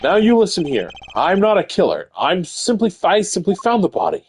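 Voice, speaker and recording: A man voicing a composed, formal young male prosecutor, deeper than his own voice, in a stiff, proper way. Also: big pitch swings, moderate pace, slightly rough, heavily acted. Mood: indignant. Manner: stiff, proper, brooding inner monologue. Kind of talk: game voice-over dub on stream.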